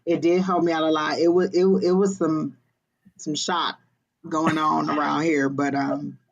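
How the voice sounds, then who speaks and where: A woman's voice: low voice, little pitch movement, unhurried, creaky, highs cut off. A woman tarot reader chatting on a livestream video call, rambling with fillers. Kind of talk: casual livestream chat.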